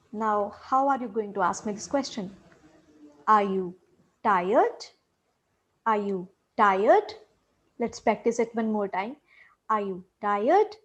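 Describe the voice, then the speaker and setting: A woman with a fairly high-pitched voice gives a short English lesson on intonation. She patiently repeats example questions, exaggerating their rising and falling tones.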